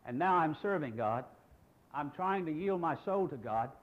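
Man in his sixties, pastor, preaching, rhetorical questions, lively pitch, dull recording. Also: moderate pace. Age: 60s. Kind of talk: sermon.

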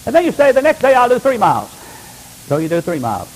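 Older man, pastor, sermon delivery; fairly high, very expressive pitch, swings from hushed to loud. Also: fast, slight background noise, low-quality recording. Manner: emphatic preaching with wide swings between hushed and loud.

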